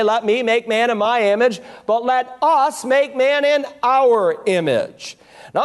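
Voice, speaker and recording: A man preaching from the pulpit in a church sanctuary, his voice pitched high for a man. He drives his points home emphatically, stacking ideas in threes and firing rhetorical questions at the congregation. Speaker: pastor. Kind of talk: sermon.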